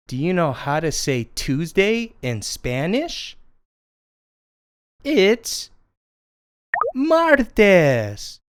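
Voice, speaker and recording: A puppeteer voicing a friendly little sparrow puppet who teaches children, speaking in an encouraging, drawn-out way. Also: mid-range voice, no room sound, studio quality, full character voice. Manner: sing-song, encouraging, drawn-out words. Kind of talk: children's lesson.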